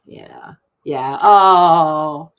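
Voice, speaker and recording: A woman's voice: deep voice, extremely slow, clear, resonant tone, muffled recording. Gushing, chatty woman card reader. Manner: gushing and chatty, laughs often. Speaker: card reader hosting a live stream. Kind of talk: casual live card reading.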